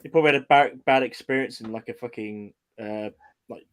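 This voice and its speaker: A man's voice: medium pitch, fairly quick, clear, resonant tone. A man joking and laughing in casual chat on a voice call.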